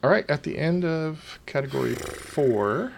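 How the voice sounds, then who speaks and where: Gravelly-voiced man hosting a quiz. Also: a little high, animated, a little slow, a little hiss or hum. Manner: chatty, with frequent fillers. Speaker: quiz host. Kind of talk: hosting a trivia game among friends.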